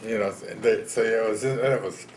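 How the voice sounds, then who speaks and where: A man's voice: on the low side, steady tone, measured pace, a little mellow, reverberant, slight background noise. A man, telling his own story in a plain-spoken, folksy way in an oral history interview. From Texas. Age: 70s. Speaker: veteran interviewee.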